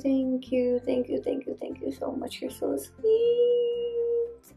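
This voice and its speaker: A woman unboxing gifts for her vlog, unhurried and gushing with delight, thanking the sender again and again. Her voice rings in an echoey room with faint music underneath. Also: on the low side. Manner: gushing, excited, thanks repeatedly.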